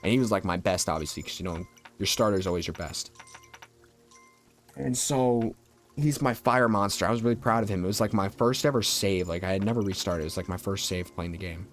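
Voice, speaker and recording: A man's voice: deep voice, fairly quick, soft background music. A young adult man streaming a video game, chatting casually and rambling through a childhood story with lots of filler words. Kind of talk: casual storytelling while gaming.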